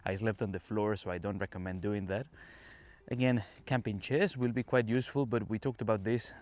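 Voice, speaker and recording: A man's voice: lowish voice, brisk, a little mellow. A man from a Caribbean island, an English teacher hosting a casual podcast, talking chattily to the listener while walking around a campsite, recorded on his phone. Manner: chatty, explanatory, addresses listener directly. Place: campsite, outdoors.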